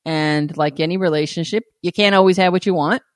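A woman's voice: lowish voice, fairly quick, no room sound. A woman co-hosting a podcast, teasing her partner in casual chat, laughing readily and giving frank relationship advice. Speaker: podcast co-host.

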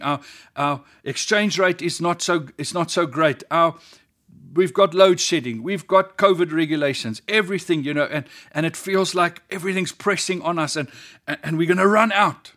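A man's voice: on the high side, a bit bright. A man with a South African accent preaching a sermon as pastor, earnest, building his points through emphatic repetition.

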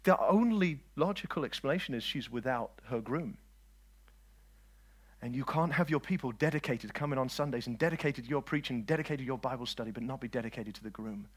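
A man preaching a lively sermon, swinging between loud declarations and quiet asides and joking with his listeners. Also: medium pitch, a little fast, husky. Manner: jokes with the audience.

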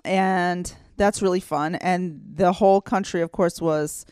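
A woman's voice: lowish voice, steady tone, a little slow, a little mellow, smooth, no echo, clean studio sound. A woman co-hosting a talk show, chatting in a playful, joking way with the host. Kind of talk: casual co-hosted radio chat.

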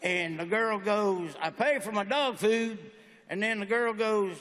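On stage at a large venue, a man performs stand-up in a high-pitched, slightly bright voice at a measured pace. He tells folksy stories punctuated by brash, punchy one-liners, recorded in an echoey hall with faint ambience.

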